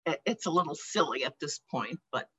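An older American woman tells her own recovery story to a meeting, her talk halting and emotional, broken by small laughs and sighs. Her voice is bright and somewhat husky, and it rises and falls widely as she speaks. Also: low-pitched, lively intonation, rough recording. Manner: emotional, halting, laughing and sighing between thoughts. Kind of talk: personal testimony.

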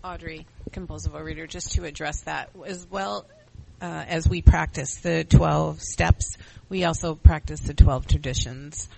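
A woman's voice: sits low, gravelly, darkish tone, a little hiss or hum, poor audio. A middle-aged woman sharing her story as a panelist at a recovery meeting, earnest and repeating her key phrases.

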